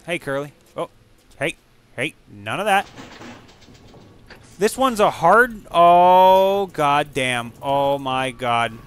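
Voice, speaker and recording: A man giving profane, excitable live commentary while playing a video game and yelling at what happens on screen. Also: a little high, slow pace, long pauses, clear, resonant tone. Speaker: gaming streamer.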